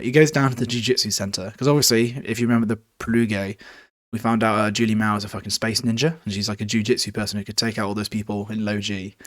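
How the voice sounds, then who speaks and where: Low-voiced man recapping a book. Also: a bit bright, no echo, studio quality. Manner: rambling, sweary, self-correcting with fillers. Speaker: podcast host.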